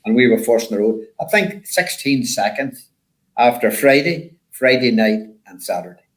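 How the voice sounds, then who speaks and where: A man's voice: mid-range voice, normal speed, rough recording. Older man telling rally stories. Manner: rambling, repeats words, animated when quoting others. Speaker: guest, former rally driver. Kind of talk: casual storytelling chat.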